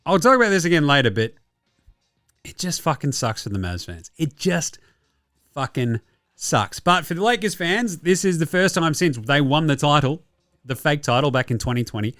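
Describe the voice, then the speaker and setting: An Australian man hosting a basketball recap show, talking in a fast, sweary, sarcastic rush. His voice sits a little high for a man and comes across smooth and clear. The recording is dry and close, with faint music behind him. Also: fairly bright tone, no echo. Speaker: basketball podcast host. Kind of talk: casual sports recap.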